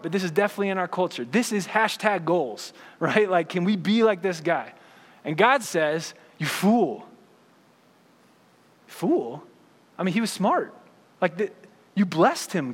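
Pastor preaching in a echoing church. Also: male voice, high-pitched, lively intonation, normal speed, a bit bright. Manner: conversational, frequent "right?" and "like". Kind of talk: sermon.

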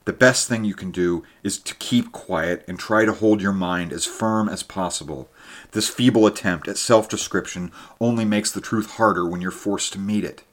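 A man reading aloud and voicing a grave, uneasy man on a river trip, speaking slowly and low. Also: natural voice. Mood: scornful.

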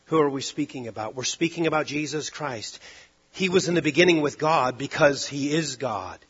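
A man preaching a sermon, driving points home with loud stresses and then dropping to hushed, low lines. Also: moderate pace, slightly rough, dull audio.

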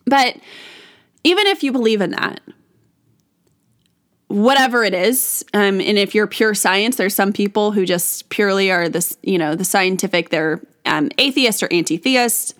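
A woman's voice: medium pitch, unhurried, a bit bright. Rambling woman podcast host. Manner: rambling, many restarts and fillers, laughs often. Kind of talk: casual solo monologue.

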